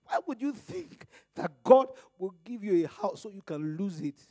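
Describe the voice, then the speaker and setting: A preacher from Nigeria delivering an impassioned sermon. He swings between loud emphasis and hushed asides, and draws out scripture readings slowly. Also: high voice, big pitch swings, no room sound.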